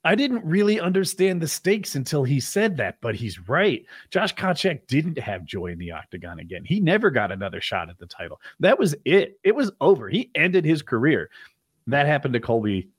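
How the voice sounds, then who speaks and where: A man co-hosting a casual podcast chat, telling stories in an opinionated, animated way. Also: on the high side, moderate pace, breathy edge, dry recording, studio quality. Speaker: podcast co-host.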